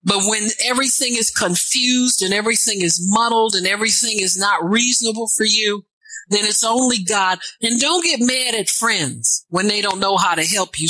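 Poor audio without echo carries a mid-range woman's voice delivering a sermon. Between scripture readings she answers herself, her asides swelling into fervent, nearly shouted calls.

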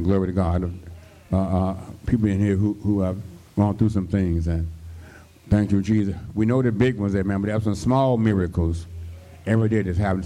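A man delivers a radio sermon. His tone is mellow and dark. He exhorts the listeners and breaks in again and again with hallelujahs and calls for response. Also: lowish voice. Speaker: pastor.

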